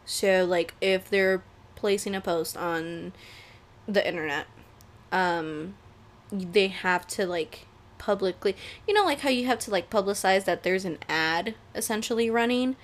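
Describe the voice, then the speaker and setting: A young woman hosting a casual solo podcast from home, rambling, laughing often and swearing freely. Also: mid-range voice. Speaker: podcast host. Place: home room with air conditioner.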